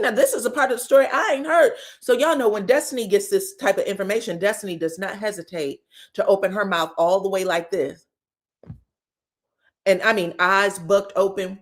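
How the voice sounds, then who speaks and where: A woman's voice: medium pitch, unhurried. A woman hosting a casual reality TV recap, frank and profane, calling listeners baby and girl. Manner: animated, breaks into stutters and outbursts. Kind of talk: casual gossip commentary.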